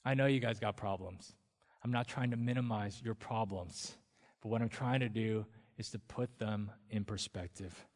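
A man preaching a sermon as a pastor, telling stories in a relaxed, conversational way. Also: lowish voice, normal speed. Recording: long reverb of a church hall.

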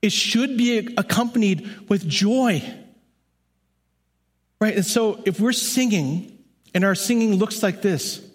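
Man preaching, earnest and chatty, kinda high voice, long hall echo. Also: takes it slowly, pauses often. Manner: earnest, emphatic, conversational preaching. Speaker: music leader preaching. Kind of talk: sermon.

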